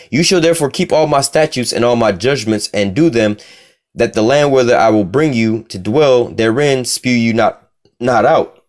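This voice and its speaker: A young man giving an informal scripture teaching in a casual, profane way, reading verses aloud slowly between loose, repetitive asides full of fillers. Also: medium pitch.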